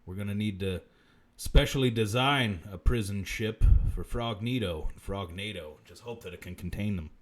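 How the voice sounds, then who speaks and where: The man hosting a live-stream comedy show speaks at a normal speed in a fairly low pitch. He delivers profane bits in a deadpan mutter, punctuated by sudden shouts.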